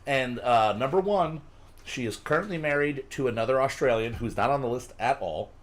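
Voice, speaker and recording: A man's voice: medium pitch, moderate pace. A man hosting a casual chat with friends, explaining a list in a chatty way and swearing now and then. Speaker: podcast host.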